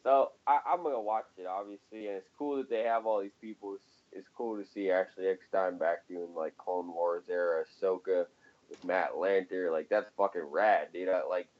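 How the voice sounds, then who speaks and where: Low-voiced man ranting casually, lo-fi. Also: fairly even intonation, moderate pace. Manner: profane, ranting, laughs often. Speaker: podcast co-host. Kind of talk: casual chat.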